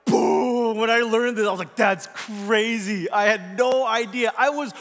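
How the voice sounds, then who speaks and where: Man, pastor, chatty sermon, questions to the crowd, high voice, long hall reverb. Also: fairly quick, fairly bright tone, soft background music. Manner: chatty, asks the audience questions. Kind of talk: conversational sermon.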